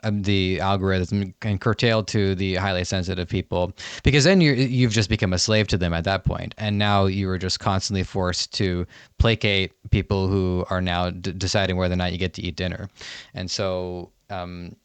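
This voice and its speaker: A man hosting a podcast, speaking in a reflective, measured way about his views. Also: sits low, steady tone, clear, resonant tone, dry recording. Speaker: podcast host. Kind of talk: podcast interview conversation.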